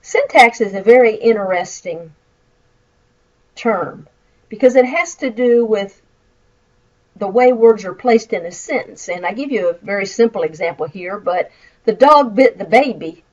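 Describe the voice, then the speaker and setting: A woman's voice: mid-range voice, lively intonation, unhurried, darkish tone, lo-fi sound. A woman with a Southern American accent, a college instructor giving a recorded lecture over slides and explaining with acted example phrases. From Midwestern United States.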